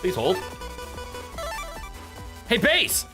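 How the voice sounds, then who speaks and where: Playful woman streamer, bright lively voice. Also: mid-range voice, very slow, faint music behind. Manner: playful, laughs often, swears when frustrated. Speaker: streamer playing a game. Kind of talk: casual let's-play commentary.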